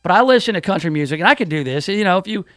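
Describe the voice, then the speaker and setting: A man's voice: high-pitched, expressive, racing, a bit bright, no room sound. A man hosting an afternoon radio show, joking around in studio banter and slipping into hammy country DJ voices. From Memphis area. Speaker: radio host. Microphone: studio mic.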